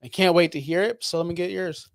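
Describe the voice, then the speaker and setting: A man's voice: high-pitched, fairly even intonation, quick pace, gravelly, no echo, studio quality. Easygoing man co-hosting a podcast. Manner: easygoing, lots of short agreeing replies. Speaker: podcast co-host. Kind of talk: casual chat.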